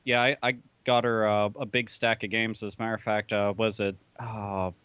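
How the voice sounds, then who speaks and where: A man's voice: on the low side, level tone, moderate pace, fairly bright tone, clean tone, no room sound, highs cut off. A man chatting casually on a podcast, rambling and profane, with lots of fillers and restarts. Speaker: podcast panelist. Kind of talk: casual chat.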